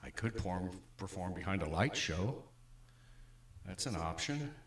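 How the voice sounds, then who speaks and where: A man chatting casually on a home livestream from a basement room, relaxed and self-deprecating. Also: low-pitched, a little slow, reverberant. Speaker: home livestreamer and guitar singer. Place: basement room with green screen. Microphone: webcam stream mic from across room.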